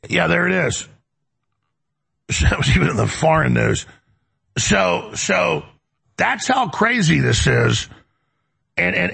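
Gravelly raspy-voiced male talk host. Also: sits high, fairly bright tone. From United States. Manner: emphatic, rambling, repeats words. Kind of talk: heated talk radio monologue.

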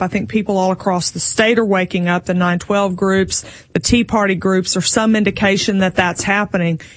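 A woman's voice: medium pitch, no echo. A woman, a political candidate speaking firmly as a radio guest. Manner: firm, speech-like advocacy. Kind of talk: political talk radio interview.

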